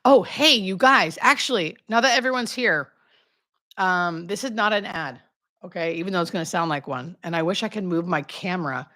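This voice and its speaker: A woman's voice: on the low side, moderate pace, pushed and bright. A woman in her thirties hosting a casual live Q&A as a hospice nurse, greeting viewers by name with chatty, self-deprecating asides. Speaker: hospice nurse and livestream host.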